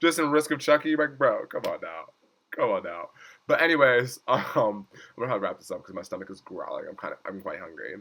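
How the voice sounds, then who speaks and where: A man's voice: low-pitched, animated, a little fast, bright, forceful tone, husky. A young man giving a casual episode recap, chatty, leaning on "like" and acting out lines in swooping voices. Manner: chatty, says "like" constantly, acts out quotes in swooping voices. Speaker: reaction vlogger.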